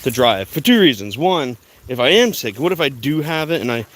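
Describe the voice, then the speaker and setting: A man's voice: mid-range voice, very animated, a little fast, fairly bright tone. A young man talking to his phone camera while walking outdoors, rambling with lots of fillers and restarts. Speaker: vlogger. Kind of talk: walk-and-talk vlog.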